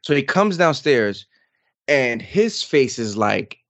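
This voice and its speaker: A man in his thirties co-hosting a podcast, telling an animated story in casual chat. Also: mid-range voice, slow pace, highs cut off. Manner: animated storytelling, lively voice swings. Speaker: podcast co-host.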